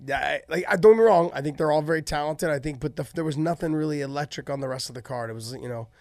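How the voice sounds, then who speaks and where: Animated, swearing man telling fight stories. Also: fairly high pitch, fast, no room sound. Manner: animated storytelling, swears freely. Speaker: podcast co-host and former fighter. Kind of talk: casual chat.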